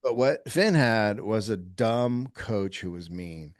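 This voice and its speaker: A man who is a comedian guest, telling a story in casual podcast chat, animated and profane, acting out quotes. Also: lowish voice, takes it slowly, no room sound, clean studio sound.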